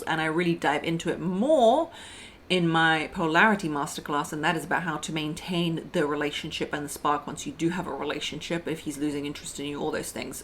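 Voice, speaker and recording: Chatty woman coach with a lowish voice. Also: a bit bright. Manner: chatty and frank, calls the listener girl and babe; acts out quoted voices mid-sentence. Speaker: relationship coach. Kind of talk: casual direct-to-camera advice talk.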